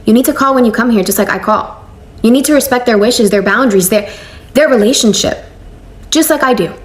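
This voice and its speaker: A young woman recounting a family conflict in a casual storytime vlog, animated and slangy, acting out the quoted lines. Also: on the high side, fairly quick.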